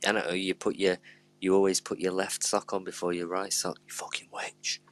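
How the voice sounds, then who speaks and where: A man's voice: sits low, flat delivery, brisk. A man hosting a casual chat, joking, laughing and swearing often. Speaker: host.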